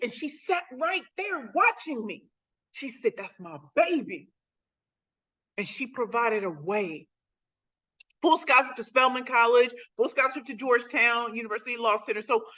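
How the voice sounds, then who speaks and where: A woman's voice: on the high side, pushed and bright. A woman in her forties, from St. Louis, telling her life story as a guest speaker on a video call, emphatic and repeating phrases for effect. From St. Louis, USA. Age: 40s. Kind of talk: motivational personal story.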